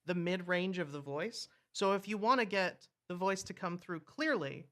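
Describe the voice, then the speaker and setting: A man's voice: high voice, moderate pace, pushed and bright. A man co-hosting a casual chat, rambling and joking, often restarting his sentences. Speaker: co-host.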